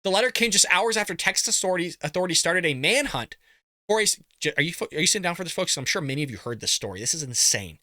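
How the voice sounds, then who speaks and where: Sarcastic guy hosting a commentary show, highish voice, super bright and punchy, dry close sound. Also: racing, dry recording. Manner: sarcastic, animated, laughs at his own jabs. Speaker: political commentary show host. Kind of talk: opinionated commentary reacting to news.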